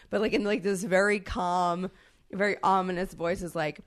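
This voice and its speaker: A woman podcast co-host telling a travel story in casual chat, animated and swearing freely, with lots of fillers. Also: fairly low pitch, fairly quick.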